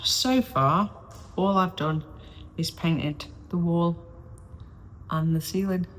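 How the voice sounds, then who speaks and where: Here the woman speaks slowly in a lowish voice. A 40-something vlogger doing DIY inside a caravan under renovation, she chats casually and self-deprecatingly to a self-filmed stabilized camera, sometimes from a distance, rambling and losing track of her thoughts. It's a windy day, and the small room is echoey with faint wind noise.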